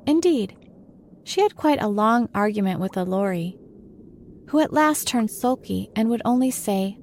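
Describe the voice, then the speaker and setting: A woman's voice: medium pitch, lively intonation, moderate pace, a little mellow, a little hiss or hum. Woman reading a classic storybook aloud. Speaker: narrator.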